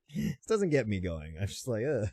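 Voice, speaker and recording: A man's voice: on the low side, huge pitch swings, measured pace, warm tone, dry recording. A man gives casual reaction commentary over clips, teasing and chuckling as he goes. His voice moves up and down a lot. The sound is dry and close, with no room in it. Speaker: reaction video host.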